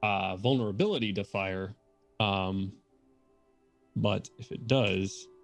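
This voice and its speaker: A man's voice: fairly low pitch, slow, creaky, soft background music. A man playing a tabletop game, methodically explaining his spells and moves. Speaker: player.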